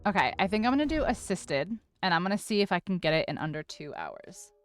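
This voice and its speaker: A woman's voice: lowish voice, sing-song, brisk, faint music behind. A woman streamer in casual live-stream chat, flustered and overwhelmed, gushing thanks to her viewers and tripping over her words, close to tears.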